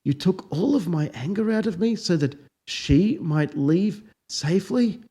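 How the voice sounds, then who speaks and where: A man voicing a polite, mild-mannered middle-aged husband who speaks with gentle formality. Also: sits high, expressive, unhurried, husky, full character voice. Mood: bewildered.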